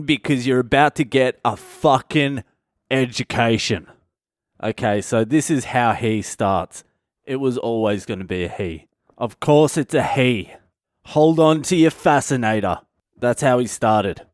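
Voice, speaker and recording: A man's voice: mid-range voice, smooth, dry recording, clean studio sound. A middle-aged man, hosting a comic podcast monologue in a sardonic, mocking tone and swearing freely. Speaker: comedian podcast host. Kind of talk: comic monologue reading comments aloud.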